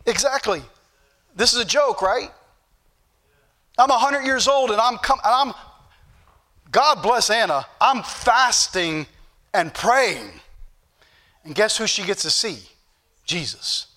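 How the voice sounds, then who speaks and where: High, bright-voiced preacher man. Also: animated, measured pace, long pauses. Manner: exhorting, repeats scripture references, rising emphatic bursts. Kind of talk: sermon.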